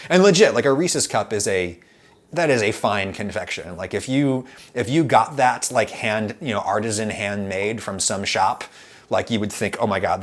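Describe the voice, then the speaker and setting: A man hosting a casual food chat, rambling and animated with lots of fillers and restarts. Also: fairly low pitch. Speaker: food YouTube host.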